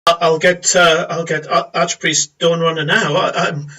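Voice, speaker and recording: A man's voice: a little high, flat delivery, measured pace, sharp tone, recorded from a distance. A man voicing a polite village priest who stammers and trips over his words in a fluster.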